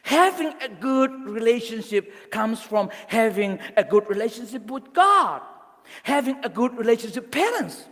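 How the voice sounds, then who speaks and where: Youth preacher, male, high voice, exhorting and earnest, long hall reverb. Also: very animated, normal speed, fairly bright tone. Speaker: youth speaker. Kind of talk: youth sermon.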